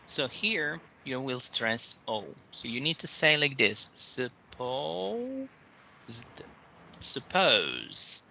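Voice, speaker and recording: A man gives a one-to-one pronunciation lesson over a video call. He explains patiently and slowly, breaking each word into its sounds. His voice is gravelly with a bright, forceful edge. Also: medium pitch, a little hiss or hum, rough recording. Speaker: English tutor.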